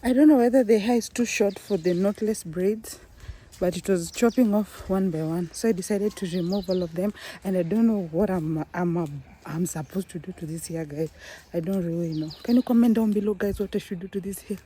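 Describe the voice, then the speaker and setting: A woman's voice: mid-range voice, fairly quick, warm tone. A woman chatting casually to her viewers in a home vlog, often calling them "guys.". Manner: chatty, keeps saying "guys". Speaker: vlogger. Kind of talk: casual vlog chat to camera. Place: home with building work nearby. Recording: noisy home phone recording.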